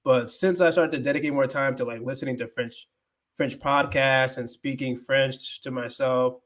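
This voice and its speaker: Guy chatting on his stream, mid pitch, loose and rambly, tosses in spanish bits. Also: steady tone, moderate pace, fairly bright tone. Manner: rambling, thinking aloud, mixing Spanish phrases. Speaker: livestream host, language learner. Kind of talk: casual livestream chat.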